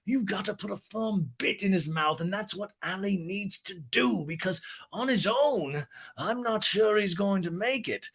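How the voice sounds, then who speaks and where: A man impersonating an older woman restaurateur, talking slowly and archly in a raised voice. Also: sits high, lively intonation, gravelly, fairly bright tone, husky, pitched above the performer's own voice, exaggerated voice. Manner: drawn-out, slow, arch delivery. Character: grand older woman restaurateur, slow and arch.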